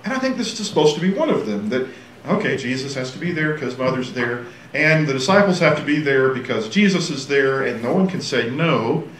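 A man teaching a casual Bible class, animated and joking, acting out quotes. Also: medium pitch, a little fast, distant mic. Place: church classroom. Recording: echoey room, faint hiss.

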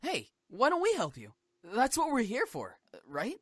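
A friendly, laid-back incubus with a very lively, bouncing tone. He sounds casual and eager to help. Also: extremely high pitch, moderate pace, full character voice. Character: easygoing helpful male incubus.

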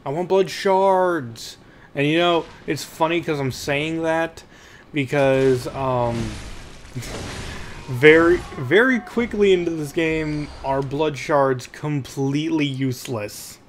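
A man giving rambling gameplay commentary at home, chatty and quick to yelp when the game gets tense. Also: a little high, slight background noise. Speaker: let's play host.

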